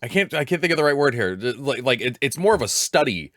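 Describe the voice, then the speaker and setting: A man's voice: medium pitch, sing-song, fast, a bit bright, dry recording, studio quality. A man hosting a casual panel discussion, laughing often and searching for words as he talks. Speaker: streaming show host.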